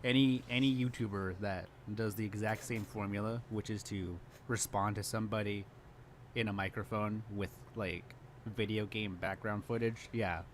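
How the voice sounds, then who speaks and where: Low-voiced sarcastic male co-host. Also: fairly even intonation, moderate pace, slight background noise. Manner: sarcastic, crude, laughing often. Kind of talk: casual reaction commentary.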